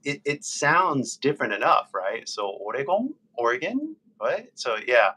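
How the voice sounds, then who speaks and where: Man, californian accent, casual english tutor, patient, chatty, lots of fillers, mid pitch. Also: lively intonation, unhurried, bright, forceful tone, slightly rough, low-quality recording. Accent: Californian American English. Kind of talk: live-stream conversation practice.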